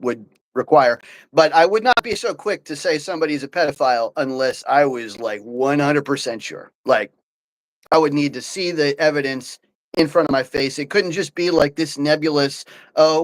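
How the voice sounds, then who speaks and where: A man hosting a live political talk show, speaking in an animated, opinionated way with many fillers and restarts. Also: mid-range voice, rough recording. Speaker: podcast host.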